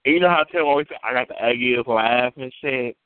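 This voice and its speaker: A man's voice: mid-range voice, fairly quick, clear, resonant tone, dry recording. A man on a community call telling a long rambling story in casual, profane slang, repeating himself as he goes. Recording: tinny phone-like line, dry.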